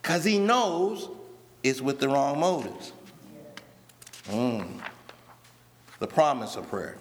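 A man preaching a sermon as pastor, drawing words out slowly for emphasis and speaking to a congregation that answers back. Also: mid-range voice, sing-song, in a large hall, a little hiss or hum. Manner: preaching with slow drawn-out emphasis; addresses a responding congregation. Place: church.

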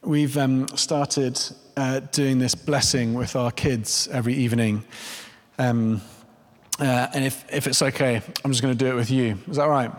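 A man, a pastor with young children, preaching a heartfelt sermon, earnest, dropping to soft, slow emphasis on key lines. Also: medium pitch, steady tone. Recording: long hall reverb.

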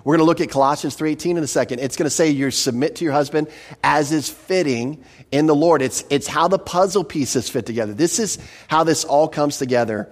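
A man's voice: fairly high pitch, brisk. A pastor preaching an expository sermon, earnest and emphatic, often repeating a word as he starts a phrase.

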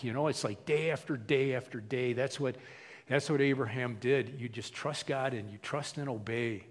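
A man's voice: medium pitch, normal speed, in a large hall. A male pastor preaching a folksy, conversational sermon full of repetition.

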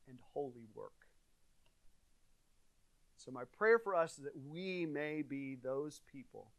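A man's voice: medium pitch, gravelly, no echo. A male pastor delivering an earnest, conversational sermon, his volume swelling and dropping for emphasis. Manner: earnest, conversational preaching with dynamic swings in volume.

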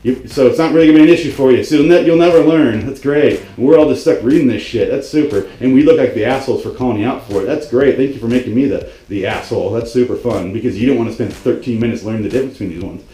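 A man's voice: mid-range voice, rapid-fire, hardly any pauses, mellow, echoey room, poor audio. A man hosting a video, delivering a comedic grammar rant that is profane, exasperated and sarcastic. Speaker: video host.

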